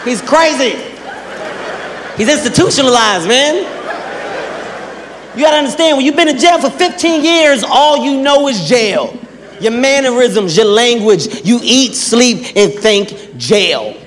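A man performing a stand-up comedy routine, telling stories with lively acted-out quotes. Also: very high voice, a little slow, some chatter behind, slight background noise. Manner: animated storytelling with acted-out quotes. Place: large live venue with audience. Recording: live hall with faint ambience.

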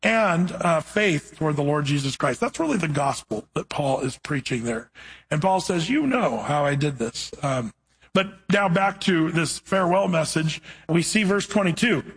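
A man's voice: fairly high pitch, expressive, normal speed, slightly rough, poor audio. A man preaching a conversational sermon, telling stories as he teaches from scripture. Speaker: pastor.

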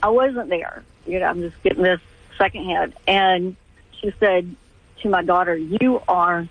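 A middle-aged woman calling in to a radio show, telling a family story in halting, restarting sentences. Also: lowish voice, steady tone, breathy edge, dry recording. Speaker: caller. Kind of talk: call-in radio conversation. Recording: tinny phone line, dry.

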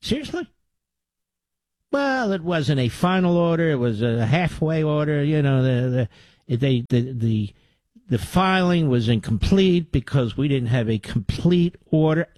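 A man's voice: fairly high pitch, lively intonation, measured pace, darkish tone, dry recording. A man hosting a talk radio show, delivering a combative, sarcastic monologue into a studio mic.

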